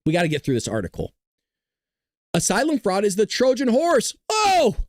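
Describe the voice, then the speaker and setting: A man hosting a live stream, ranting loudly with heavy swearing and jokes while he reads the chat. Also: high-pitched, wildly swooping pitch, fairly quick. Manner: loud, ranting, profane, jokey. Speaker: livestream host.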